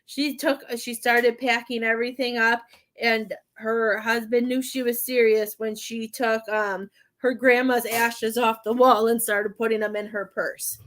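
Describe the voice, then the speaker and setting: Woman, high pitch, psychic medium, halting repeated words, gentle advice, home live stream. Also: little pitch movement. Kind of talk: live-stream spirit reading.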